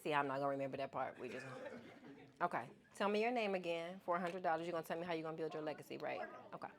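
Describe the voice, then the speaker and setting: Speaking very fast in a low-pitched voice, this keynote speaker addresses students in an event hall full of listeners. She is casual, playful and lively, picking out audience members to call on.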